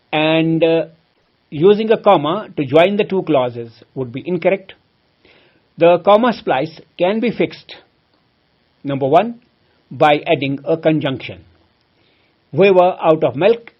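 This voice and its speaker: A man's voice: on the high side, husky, lo-fi sound. A man teaching a grammar lesson from home, explaining each rule through examples and calling his listeners friends. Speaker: English teacher.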